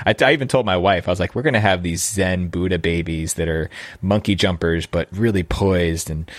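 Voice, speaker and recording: A man's voice: low voice, no room sound. A man in his thirties, a podcast host, earnestly telling a personal story about fatherhood with frequent restarts.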